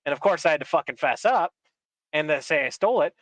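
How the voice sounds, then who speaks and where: A man's voice: a little high, animated, quick pace, a bit bright, no echo. A man co-hosting a casual podcast chat, telling stories in a profane, joking way. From Upper Peninsula of Michigan. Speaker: podcast producer and co-host.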